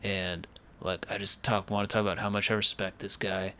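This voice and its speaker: A man putting on the voice of a middle-aged male action star, low and hushed. He mumbles his words in an earnest, solemn way, quieter and deeper than his usual talk. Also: level tone, fairly quick, clear, resonant tone.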